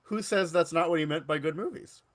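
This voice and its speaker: A man's voice: on the high side, fairly quick. Chuckling, pun-making podcast man. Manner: punning, chuckling, trailing off quietly. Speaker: podcast co-host. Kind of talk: casual podcast chat and news reading.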